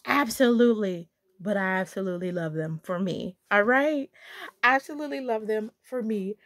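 A woman's voice: mid-range voice, normal speed, a bit bright, dry recording. A young woman vlogger gushing and chatting playfully while unboxing shoes. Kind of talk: casual unboxing vlog.

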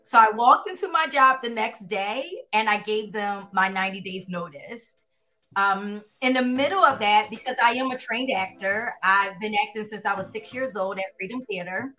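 A woman's voice: medium pitch, moderate pace, bright, forceful tone, faint music behind. A woman in her thirties with a Philadelphia accent, telling her story as an interview guest in a candid, easygoing way and laughing easily. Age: 30s. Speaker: guest, producer and director.

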